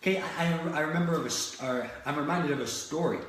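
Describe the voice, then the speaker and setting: A man's voice: fairly high pitch, quick pace, a bit bright, a little hiss or hum. A man from Florida giving a motivational talk, telling stories animatedly with many restarts. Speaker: motivational speaker. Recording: very echoey room.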